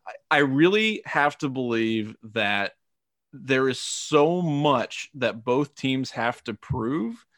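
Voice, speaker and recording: A man's voice: mid-range voice, expressive, fairly bright tone, no room sound. Analytical man on a dry podcast mic. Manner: measured, analytical, thinks aloud. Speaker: podcast co-host. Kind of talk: casual sports analysis.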